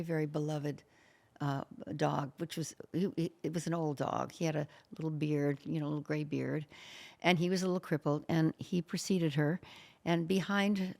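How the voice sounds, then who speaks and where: Woman guest with a low, gravelly voice, earnest storyteller, stops and restarts often. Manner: halting, with many fillers and restarts; earnest and emotional. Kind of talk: personal storytelling in an interview.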